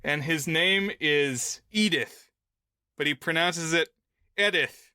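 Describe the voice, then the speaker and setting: Film podcast guy explaining plot stuff, kinda high voice, dead dry mic. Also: takes it slowly, pushed and bright, smooth, dry recording. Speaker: podcast co-host. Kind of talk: casual film discussion.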